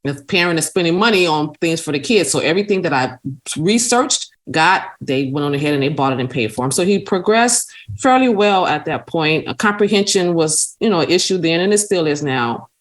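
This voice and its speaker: A woman's voice: sits low, lively intonation, brisk. A woman talking as an interview guest, earnestly telling a personal story and often acting out what others said. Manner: earnest, acts out other people's words as she tells her story. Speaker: guest, nonprofit CEO and parent.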